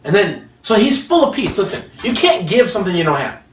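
A man preaches a sermon in a lively, joking way, often breaking into laughter. His voice sits high and swoops widely. He sounds distant, in a roomy, echoing space. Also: a little fast, a little hiss or hum. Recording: echoey room, mic at a distance.

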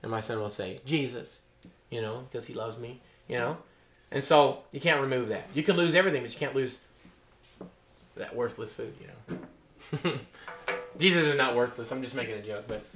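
A middle-aged man preaches a sermon in a mid-range, slightly bright voice, the room around him echoey. He reads scripture and explains it through loose asides, repeatedly checking in with "okay?" and "you know?"

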